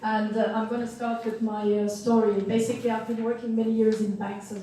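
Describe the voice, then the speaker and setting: A woman pitching her startup, frank and emphatic, with a voice that is going hoarse. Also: flat delivery, brisk, dark tone. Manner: frank, emphatic, apologizes in passing. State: losing her voice. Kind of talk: pitch presentation. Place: event hall. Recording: echoey hall, distant mic, faint noise.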